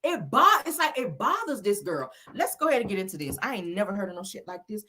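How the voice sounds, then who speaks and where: A woman's voice: mid-range voice, very animated, quick pace, pushed and bright. A woman hosting a casual celebrity gossip show, talking in a sassy, blunt and profane way and laughing at her own slips. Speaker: host.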